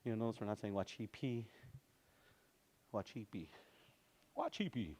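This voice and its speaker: A man's voice: mid-range voice, expressive, unhurried. A man teaching a language class, patiently repeating words for his students.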